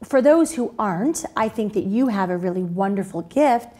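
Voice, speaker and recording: A woman's voice: mid-range voice, expressive, normal speed, mellow. A woman guest-hosting a TV interview, asking questions and chiming in with playful asides. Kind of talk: casual interview. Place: local cable TV studio.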